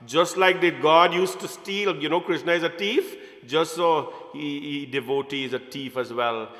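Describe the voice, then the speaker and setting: A man telling a devotional story as a sermon, animated and chuckling, mixing in Hindi words. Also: on the high side, normal speed. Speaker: preacher. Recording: echoey hall reverb.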